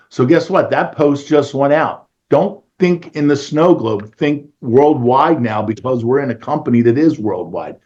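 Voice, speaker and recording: A man's voice: medium pitch, animated, normal speed, few pauses, darkish tone, dull audio. A man with a Philadelphia accent, a real estate agent talking energetically and in a salesy way on a casual panel call.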